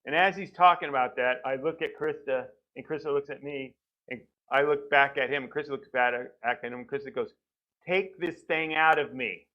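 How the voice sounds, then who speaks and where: A man's voice: mid-range voice, normal speed, highs cut off. A man sharing his personal testimony from a church pulpit, telling the story conversationally and acting out what people said. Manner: conversational storytelling, acts out quoted doctors. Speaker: church member giving testimony. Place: church sanctuary.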